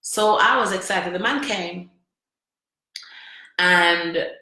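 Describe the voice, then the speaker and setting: Woman vlogger, bright, forceful delivery, recorded in a very echoey room; candid, emphatic storytelling. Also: lowish voice, slow. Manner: emphatic, repeats phrases, asks the listener questions.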